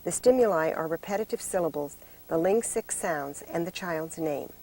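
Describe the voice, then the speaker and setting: A woman giving scripted narration for a training video in a measured, explanatory way. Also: deep voice, mellow, slight background noise, rough recording.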